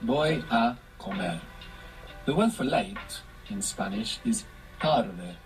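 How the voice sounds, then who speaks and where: A man's voice: mid-range voice, sing-song, slow, creaky, music in the background, low-quality recording. A man teaching a language lesson, patiently explaining step by step and prompting his student with questions.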